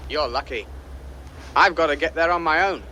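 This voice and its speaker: An ambitious young man speaks in a bright, sharp voice that climbs high and swoops. He sounds somewhat off-mic on a film soundtrack, with faint outdoor noise behind him. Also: normal speed. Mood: eager. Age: young adult.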